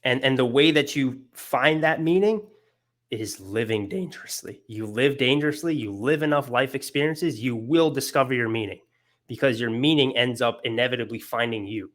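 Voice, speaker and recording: A man's voice: mid-range voice, moderate pace, fairly bright tone. Earnest young man lecturing casually. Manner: earnest, emotional, lots of fillers and restarts.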